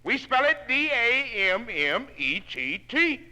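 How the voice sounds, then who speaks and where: A man's voice: very high voice, very animated, slow, pushed and bright, voice pushed up, full character voice. A man doing a matter-of-fact country mother. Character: calm plain-spoken country mother. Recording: reverberant hall on a 1960s spoken-word record.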